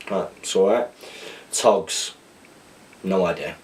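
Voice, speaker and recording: A man's voice: deep voice, fairly even intonation, a little slow, long pauses, darkish tone, distant mic, poor audio. A man hosting a podcast alone, reading out viewer questions in a loose, rambling chat and correcting himself as he goes.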